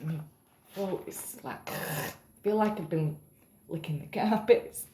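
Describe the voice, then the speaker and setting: A woman's voice: lowish voice, slow pace, reverberant, heavy background noise. A tired woman rambling in a casual vlog, self-mocking and swearing casually. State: tired after a night up. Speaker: vlogger.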